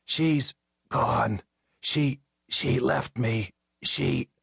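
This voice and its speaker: A man voicing a drunk nightclub owner on the phone, with a raspy, hoarse, croaking voice and a slurred, groaning, half-whispered manner. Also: mid-range voice, lively intonation, very slow, no room sound, studio quality, pitched above the performer's own voice, heavily acted. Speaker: character in audiobook.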